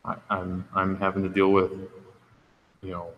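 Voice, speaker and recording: A man shares his story from a podium at a recovery meeting, frank and conversational, with a somewhat low voice. His words ring out with a long room reverb, over a faint hum of background noise. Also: completely flat delivery, moderate pace, highs cut off. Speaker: speaker sharing at a recovery meeting. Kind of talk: candid personal testimony.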